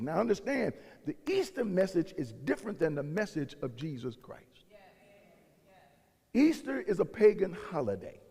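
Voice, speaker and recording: A man's voice: high-pitched, very animated, moderate pace, vocal fry, mellow, breathy edge. A male pastor preaching a sermon, building in intensity and voicing the people he quotes. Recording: long reverb of a large hall.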